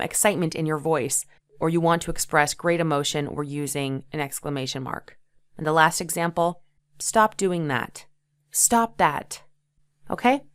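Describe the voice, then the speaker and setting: Clear-voiced woman teaching English grammar. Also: lowish voice. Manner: explains patiently, checks in with "okay?"; acts out example sentences with emphasis. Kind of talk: ESL grammar lesson.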